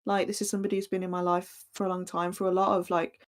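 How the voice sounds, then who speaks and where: A woman co-hosting a casual podcast chat, talking in a hesitant, thoughtful way with many pauses and fillers. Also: lowish voice, level tone. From Britain. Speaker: podcast co-host.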